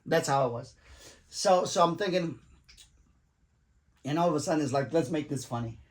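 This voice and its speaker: A man's voice: a little high, moderate pace. A man, telling a long personal story in a loose, chatty way. He swears freely and acts out what each person said, laughing at his own jokes as he goes. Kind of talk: casual storytelling.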